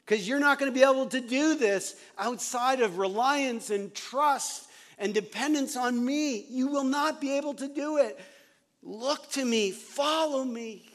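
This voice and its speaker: A male pastor giving a sermon in an emphatic, repetitive way, often chuckling. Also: very high voice.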